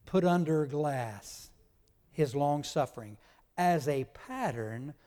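A man's voice: a little high, lively intonation, takes it slowly, dark tone. A male pastor preaching a sermon, teaching emphatically and spelling out Greek words to his congregation. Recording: long hall reverb.

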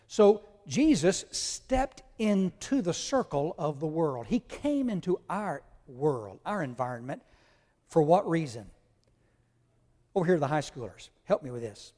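A man's voice: on the high side, very animated, measured pace, dark tone. A male pastor preaching a sermon, teaching emphatically and spelling out Greek words to his congregation. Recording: long hall reverb.

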